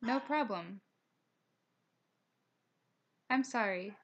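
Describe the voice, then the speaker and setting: A young woman narrating a recorded slideshow language lesson, reading each slide aloud at a steady pace and slowing down for pronunciation notes. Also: a little high, lo-fi sound. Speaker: teacher.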